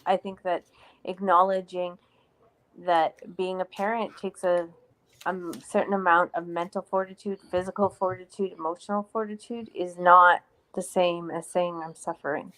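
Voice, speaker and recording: A woman with a fairly low voice co-hosts a casual live stream. She speaks earnestly and reflectively and often answers comments from viewers. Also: fairly even intonation, normal speed, a bit bright.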